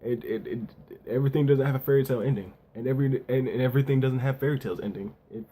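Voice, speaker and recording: A man's voice: mid-range voice, very fast, mellow, a little hiss or hum. A man casually reviewing a manga chapter, talking loosely in slang with plenty of "yo" and "you know what I'm saying.".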